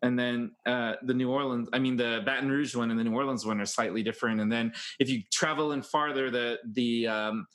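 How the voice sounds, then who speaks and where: Guy on a podcast going off about movies, opinionated, rambly, medium pitch. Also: fairly even intonation, a bit bright. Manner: opinionated, talks in long rapid run-ons. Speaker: podcast co-host. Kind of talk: casual chat about films and plays.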